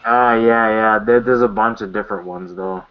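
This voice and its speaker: A man on a group video call, crude and deadpan, swearing freely. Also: lowish voice, normal speed, clear, resonant tone, lo-fi sound. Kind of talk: casual group video chat.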